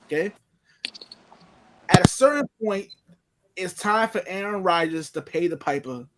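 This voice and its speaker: A man's voice: high voice, unhurried, fairly bright tone, rough recording. A man hosting a casual sports panel, steering the rundown in an upbeat, easygoing way. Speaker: host.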